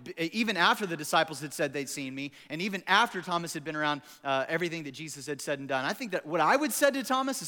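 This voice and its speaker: A man's voice: fairly high pitch, fast, hardly any pauses. A man preaching as a pastor, telling stories animatedly and acting out quotes for laughs. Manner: animated, jokey storytelling with acted-out quotes. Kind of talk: sermon. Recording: echoey hall.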